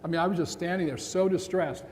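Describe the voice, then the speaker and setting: A man in his sixties giving a keynote talk, telling a personal story with dramatic pauses and quoted lines. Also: high voice, steady tone, a little mellow. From Montana. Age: 60s. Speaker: keynote speaker. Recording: long reverb in a large hall, faint room noise.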